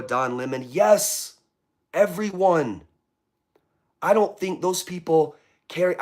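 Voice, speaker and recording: A man hosting a live political vlog, reading viewer comments aloud and answering them with impassioned, preachy commentary. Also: fairly high pitch. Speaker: political vlogger.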